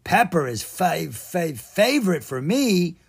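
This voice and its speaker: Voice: medium pitch, sing-song, takes it slowly, vocal fry, breathy edge, voice pushed up, exaggerated voice. A reader voicing a dim, hungry male ogre who cooks and speaks in broken, muddled grammar, in a children's storybook reading. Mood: dim-witted.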